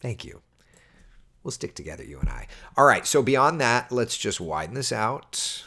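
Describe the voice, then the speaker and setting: A man's voice: medium pitch, moderate pace. A man, a TV meteorologist, chatting casually on a livestream and answering viewer questions. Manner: chatty, animated, reads viewer comments aloud.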